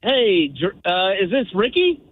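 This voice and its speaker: A man's voice: sits high, sing-song, unhurried, dry recording. A man calling in to a radio show, talking casually as a hesitant, apologetic fan. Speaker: radio caller. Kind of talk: casual phone call. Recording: tinny phone line.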